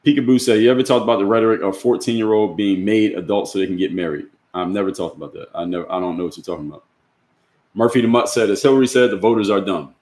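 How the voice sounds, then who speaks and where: Fast-talking man, low voice, blunt and argumentative, echoey room. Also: a little mellow. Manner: blunt, argumentative, rhetorical questions. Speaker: livestream host answering chat comments. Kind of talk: opinionated livestream talk.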